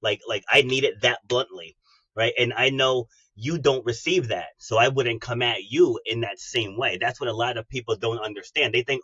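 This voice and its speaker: A man, a coach appearing as a podcast guest, talking in a relaxed, blunt way that often repeats words and starts over. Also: mid-range voice, normal speed, slightly rough, no echo, lo-fi sound. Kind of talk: casual interview chat.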